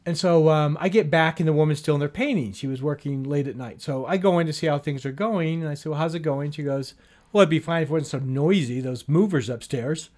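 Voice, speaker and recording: A talkative man with a fairly light, slightly high voice. He tells his story in loose, casual conversation, moving from plain narration into quoted lines of dialogue. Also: brisk, a little mellow. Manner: chatty, acts out dialogue with "she goes" and "I go". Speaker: guest telling a story.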